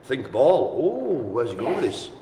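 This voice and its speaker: A man's voice: mid-range voice, huge pitch swings, a little slow, noisy background. A man calling a live-streamed bingo game in an indoor room with a small audience, chatty and teasing. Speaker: bingo caller. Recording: echoey room.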